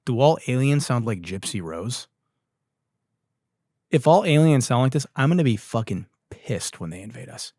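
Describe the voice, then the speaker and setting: A man's voice: mid-range voice, very animated, moderate pace, mellow, no echo, studio quality. A man hosting a comedy podcast, profane and exasperated, often breaking into laughter as he comments. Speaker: podcast host.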